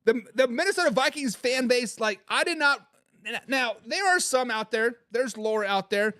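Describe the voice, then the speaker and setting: A man's voice: extremely high pitch, animated, normal speed, bright, forceful tone, no room sound, clean studio sound. A man hosting a sports talk show, mocking and trash-talking fans in a rant while he reads live chat comments. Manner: mocking, trash-talking, repeats words when fired up.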